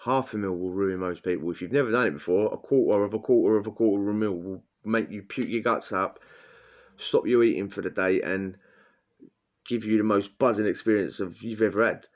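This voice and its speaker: A man's voice: fairly low pitch, a little fast. A man telling a blunt, crude prison story in casual slang, acting out what people said. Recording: dull lo-fi sound.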